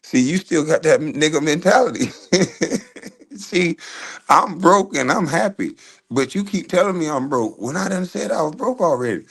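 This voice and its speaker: A man's voice: on the high side, expressive, normal speed, vocal fry, a bit bright, slightly rough. A man ranting in casual commentary, blunt and heavy on cursing. He keeps breaking into laughter as he talks back to his critics. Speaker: commentator reacting to online critics. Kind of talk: casual profane rant.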